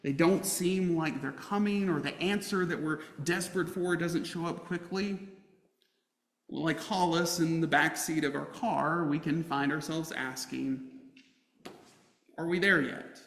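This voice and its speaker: A man preaching a sermon as a pastor, telling a family story with humor and lively emphasis. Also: fairly high pitch, unhurried, creaky. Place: church sanctuary. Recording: roomy church hall reverb.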